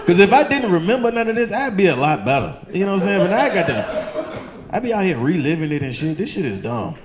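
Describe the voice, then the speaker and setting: Profane stand-up comic. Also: male voice, very animated, a little fast, noisy background. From Chesterfield County, Virginia. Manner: loose, profane, acts out voices with high squeaky outbursts. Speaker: stand-up comedian. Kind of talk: stand-up storytelling. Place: comedy club stage.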